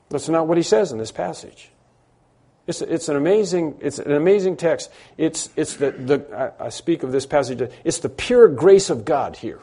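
A man's voice: a little high, expressive, normal speed, warm tone, husky. A man preaching a sermon, emphatic, building through repeated phrases and frequent restarts. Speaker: pastor.

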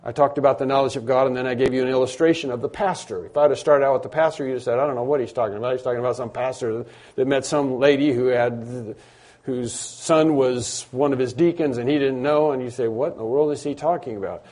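A man's voice: medium pitch, fast talker, a little mellow. A man preaching a sermon, emphatic, building through repeated phrases and frequent restarts. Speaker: pastor.

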